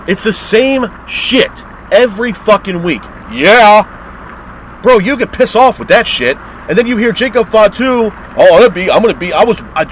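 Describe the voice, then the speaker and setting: A man's voice: a little high, fairly bright tone, slight background noise, low-quality recording. A man hosting a wrestling review show, ranting in a heated, exasperated way and swearing constantly.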